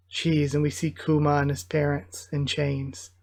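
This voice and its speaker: A channel host reacting live to a comic chapter, reading parts aloud with excited outbursts. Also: medium pitch, a little slow, gravelly, hardly any pauses. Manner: excitable, bursts of enthusiasm between plain read-aloud passages.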